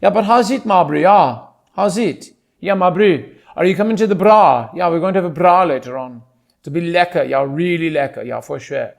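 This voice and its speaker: A man's voice: high-pitched, lively intonation, normal speed, gravelly. A man voicing an easygoing South African man from Pretoria, with a put-on South African accent and a laid-back manner that keeps circling back to stock phrases. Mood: breezy.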